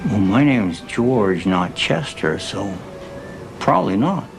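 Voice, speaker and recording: An actor playing an older small-town barber, who tells folksy stories slowly with a gravelly voice. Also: male voice, fairly low pitch, sing-song, over music, heavily acted. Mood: dry. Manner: slow, folksy storytelling.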